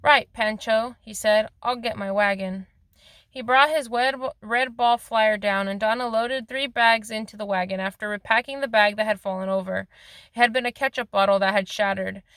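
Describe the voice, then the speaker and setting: A woman's voice: medium pitch, fairly even intonation, normal speed, fairly bright tone, no echo. A woman reading a novel aloud in a plain voice, with occasional slips and restarts. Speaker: reader of a novel.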